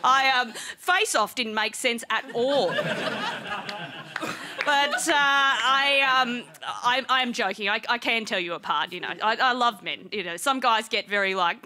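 High-pitched Australian woman doing stand-up. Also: lively intonation, unhurried, bright, forceful tone, a little hiss or hum. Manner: chatty, playful, laughing through punchlines. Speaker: stand-up comedian. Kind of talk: stand-up comedy set. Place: TV studio stage with live audience.

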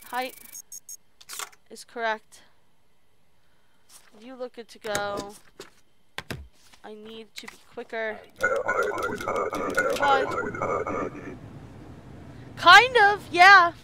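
A woman with a high voice streams a video game and gives let's play commentary, very animated yet very slow, with long pauses. She often mutters under her breath and talks to herself as she plays, and the recording is very noisy.

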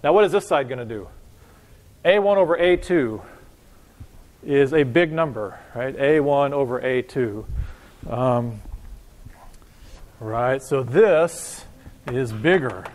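A man's voice: mid-range voice, expressive, slow pace, long pauses, darkish tone. A man teaching a university physics lecture in a casual, joking way, talking straight to his students. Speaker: physics professor. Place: lecture hall. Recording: long reverb of a lecture hall.

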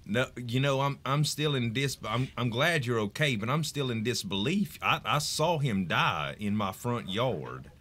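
A man chatting in character during a roleplay game, laid-back and halting, often restarting his words. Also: medium pitch, animated, a bit bright. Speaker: roleplay player.

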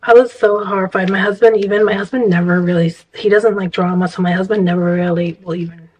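A woman's voice: medium pitch, fairly even intonation, quick pace, darkish tone, slightly rough, rough recording. A woman vlogger telling a story in casual, rambling chat, exasperated and full of restarts.

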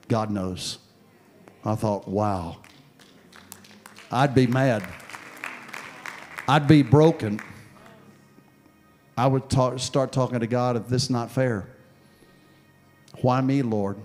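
A man preaching a sermon and telling a story from his own past, dropping soft and low, then building to loud, forceful preaching. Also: fairly even intonation, takes it slowly, pauses often, soft background music, a faint crowd. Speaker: pastor. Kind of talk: sermon with personal testimony.

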